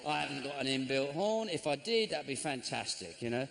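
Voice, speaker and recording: A middle-aged man from England doing a stand-up comedy routine, deadpan and grumbling, breaking into sudden shouts. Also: mid-range voice, fairly quick, creaky, crowd noise. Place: large theatre stage. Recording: live show with constant audience noise.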